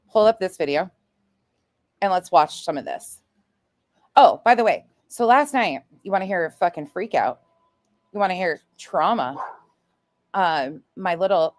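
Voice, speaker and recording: A woman's voice: lowish voice, a little slow, pauses often, no echo. A woman in her forties, a true crime streamer, telling stories in casual, blunt and profane livestream chat. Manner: blunt and profane, animated storytelling.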